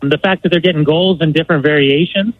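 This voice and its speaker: A man's voice: fairly high pitch, fast, dry recording. A man giving fluent, articulate soccer analysis over a tinny, phone-like line. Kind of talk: sports analysis.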